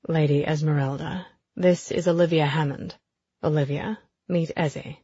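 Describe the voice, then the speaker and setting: A woman voicing a reserved, authoritative man with a deep, stern voice. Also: fairly even intonation, moderate pace, mellow, breathy edge, dry recording, lo-fi sound. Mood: calm.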